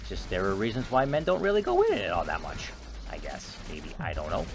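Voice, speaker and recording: A man giving rambling, joking gameplay commentary, excitable and chatty. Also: low voice, fairly quick, music in the background. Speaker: gaming video host.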